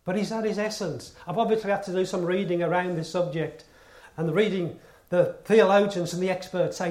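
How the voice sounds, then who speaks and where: A man delivers a sermon with a fairly high voice. He presses each point earnestly, repeating words and asking rhetorical questions. The sound carries the echo of a church. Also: steady tone, a little fast, few pauses, darkish tone. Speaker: preacher. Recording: echoey room.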